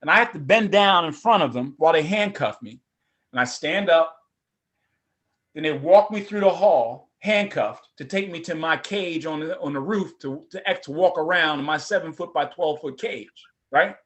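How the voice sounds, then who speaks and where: A middle-aged man, a former prosecutor, telling his personal story at a forum in a lively, conversational way. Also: a little high, moderate pace. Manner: animated, conversational, acts out voices.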